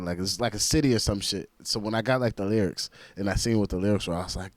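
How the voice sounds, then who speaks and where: A man with a fairly low voice gives laid-back, slangy commentary on a music track, filling his talk with "like." The sound is dry and close, with no room echo. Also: fast talker. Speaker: reaction video host and rapper. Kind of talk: casual reaction commentary.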